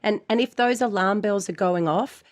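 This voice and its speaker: A woman co-host chatting frankly and earnestly on a podcast. Her voice sits at a middle pitch, and she swears freely as she talks. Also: moderate pace. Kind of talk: casual chat.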